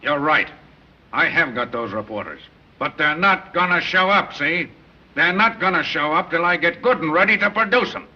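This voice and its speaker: A smooth-talking gangster who bargains in street slang. His voice is bright and lively. The old film soundtrack is dull and carries a faint hiss. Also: on the high side, exaggerated voice. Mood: bargaining. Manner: fast-talking, persuasive slang.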